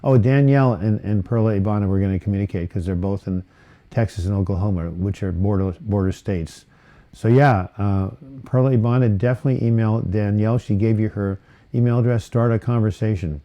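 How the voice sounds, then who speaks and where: A man with a lowish, steady voice hosts a live viewer Q&A about mental health, reading and answering comments. He speaks briskly but rambles casually, using fillers and correcting himself, and the sound is lo-fi.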